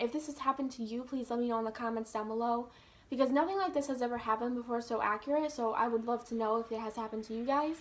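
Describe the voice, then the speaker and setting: A young woman vlogger telling a personal story to her viewers in an earnest, casual way, full of "like" fillers. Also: fairly high pitch. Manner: earnest, heavy use of "like".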